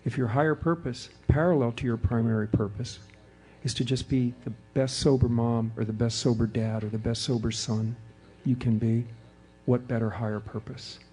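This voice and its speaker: A middle-aged man speaking at a recovery meeting, telling his story with animated delivery and acting out the voices of the people in it. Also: medium pitch, normal speed, husky, faint music behind. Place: hotel meeting room before an audience.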